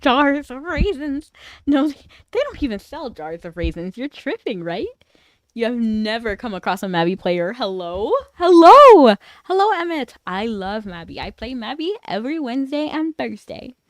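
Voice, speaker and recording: A woman's voice: fairly high pitch, animated, moderate pace, darkish tone, no echo, clean studio sound. A young woman chatting casually on a livestream, playful and teasing as she banters with her chat.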